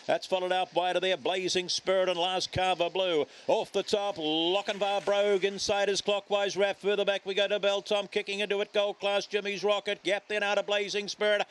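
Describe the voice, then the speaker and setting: A man's voice: high-pitched, slight background noise. New Zealand man calling dog races. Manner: rapid rhythmic calling, rising and louder in the home straight. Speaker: race caller. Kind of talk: greyhound race commentary.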